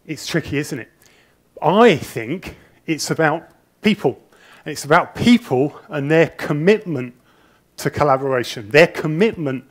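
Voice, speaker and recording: A middle-aged man talks to a conference audience in a hall through a wireless presenter mic. His voice sits a little high for a man. He comes across as a slightly nervous, rambling storyteller who pokes fun at himself. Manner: nervous, chatty storyteller with self-deprecating humour. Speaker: conference speaker. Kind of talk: conference talk. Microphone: wireless presenter mic with a body pack.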